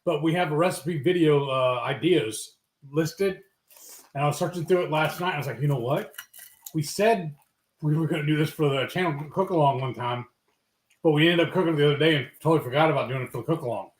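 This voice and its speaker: A man co-hosts a live cooking stream in casual chat, his voice a little high and brisk. He rambles through his explanations, hunting for words and leaning on fillers. The room is echoey.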